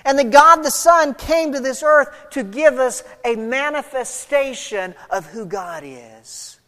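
A woman pastor preaching a sermon verse by verse, swinging between loud emphatic stretches and quiet low passages. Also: unhurried. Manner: expository, walks through a scripture passage verse by verse. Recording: long hall reverb.

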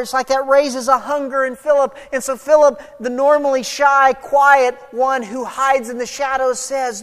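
A woman pastor preaching a sermon verse by verse, swinging between loud emphatic stretches and quiet low passages. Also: steady tone, moderate pace, few pauses. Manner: expository, walks through a scripture passage verse by verse. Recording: long hall reverb.

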